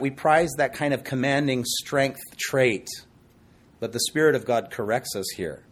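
Male preacher, husky tone, animated storyteller working the congregation. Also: medium pitch. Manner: animated storytelling with acted quotes and asides. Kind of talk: sermon.

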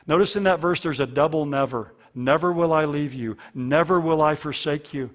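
A man's voice: on the high side, moderate pace, hardly any pauses, fairly bright tone. Earnest man preaching a sermon. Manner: earnest, repeats key phrases for emphasis. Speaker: pastor.

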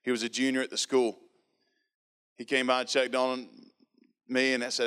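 A man's voice: mid-range voice, moderate pace, pauses often, smooth. A man in his thirties sharing his personal faith testimony in an earnest storytelling manner. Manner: earnest, storytelling, animated quoting. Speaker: speaker giving a testimony.

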